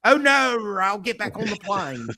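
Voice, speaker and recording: A man's voice: sits high, very animated, a little slow, bright, forceful tone, pitched above the performer's own voice, heavily acted. A man voicing a mock Australian man who stammers flustered, sheepish denials.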